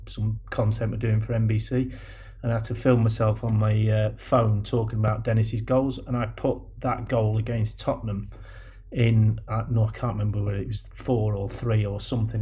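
A man, a former footballer telling animated stories with many restarts on a podcast. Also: on the low side, breathy edge. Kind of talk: casual storytelling chat.

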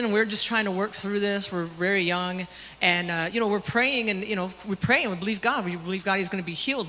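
A young woman sharing a personal testimony in a Sunday school class, halting and emotional, with many fillers. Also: on the low side, sharp tone. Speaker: church member sharing a testimony. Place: church classroom. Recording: long hall reverb with faint noise.

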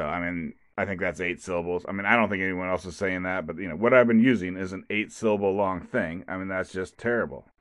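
A man's voice: deep voice, no room sound, clean studio sound. A man hosting his own podcast, talking alone in a rambling, casual way with many restarts and asides. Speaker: podcast host. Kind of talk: casual solo podcast monologue.

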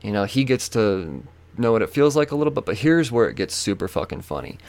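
A man's voice: fairly low pitch, fairly quick. Foul-mouthed man telling a story. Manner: profane, animated, acts out quoted voices. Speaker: podcast host. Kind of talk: casual storytelling.

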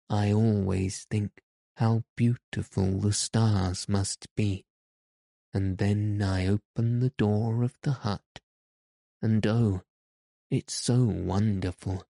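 Man voicing a scared little girl, homesick, soft plaintive delivery, low dark voice, very slow. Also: vocal fry, no echo, studio quality. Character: small frightened orphan girl, homesick.

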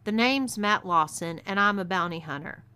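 Woman doing a rough Texan bounty hunter man. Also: mid-range voice, moderate pace, sharp tone, close to an everyday voice. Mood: menacing. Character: rough male bounty hunter, menacing and crude.

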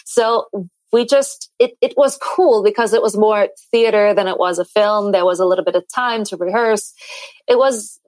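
Actress lady chatting on a podcast, animated, lots of ums, dry sound. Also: mid-range voice, moderate pace, dry recording, poor audio. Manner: animated, talkative, many fillers and restarts. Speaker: actress and film director. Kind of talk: casual interview chat.

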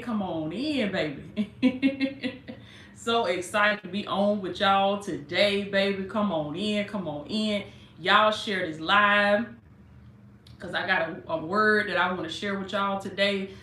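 A woman who works as a life coach hosts a casual preaching livestream, warmly and repeatedly welcoming viewers and calling them "baby." Her voice is mid-range, with a little hiss or hum in an echoey room.

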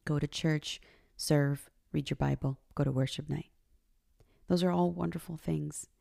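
Low, gravelly-voiced woman podcaster. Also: steady tone, a little slow, dark tone. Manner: earnest, confessional, emotional at times. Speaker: podcast host. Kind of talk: personal faith podcast monologue.

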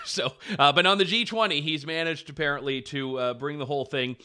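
A man's voice: mid-range voice, a little fast, hardly any pauses, bright, forceful tone, smooth. A man co-hosting a political commentary show, talking in a wry, amused, chatty way.

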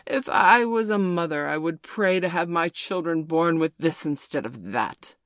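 A woman voicing a menacing, brooding male pirate captain in a storybook reading, speaking slowly and darkly with theatrical force. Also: on the low side, animated, dry recording, studio quality. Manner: slow, dark, theatrical growl.

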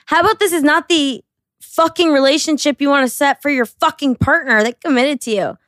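A woman's voice: high-pitched, fairly quick, fairly bright tone, no room sound, clean studio sound. A young adult woman co-hosting a casual chat podcast, mocking and profane, laughing often. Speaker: podcast co-host.

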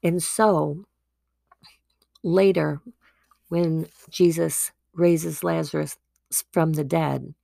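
A woman hosting a devotional podcast tells a Bible story in an earnest, chatty way. Her voice is low-pitched and heavily gravelly, and she speaks slowly. The recording is close and dry. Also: fairly even intonation, dark tone, no echo. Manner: earnest, conversational, with frequent restarts. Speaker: podcast host.

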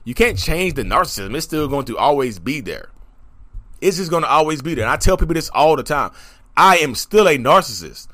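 A man talking straight to his audience in an emphatic, rapid, repeating monologue about his own journey. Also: fairly high pitch. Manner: animated, emphatic, rapid, repetitive. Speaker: content creator talking about narcissism. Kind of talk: animated direct-to-camera monologue.

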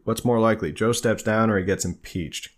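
Low-voiced man hosting a casual livestream. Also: fairly quick. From New Jersey. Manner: loose, conversational, frequent fillers and restarts. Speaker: livestream host. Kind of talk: casual live-stream chat answering viewer questions.

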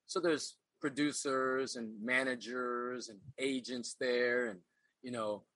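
A man's voice: medium pitch, steady tone, takes it slowly, a bit bright, no room sound, low-quality recording. A middle-aged man, a podcast guest, telling his life story in an earnest, reflective way, often repeating phrases as he searches for words. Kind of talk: casual interview storytelling.

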